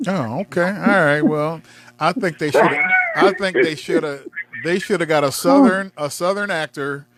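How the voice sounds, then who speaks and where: A man co-hosting a casual chat about movies, laughing a lot and trailing off quietly. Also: on the high side, moderate pace, a crowd in the background. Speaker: co-host.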